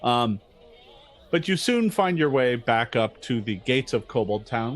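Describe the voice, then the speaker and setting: Lively man narrating a tabletop game. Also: medium pitch. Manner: descriptive, halting with many fillers. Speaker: game master.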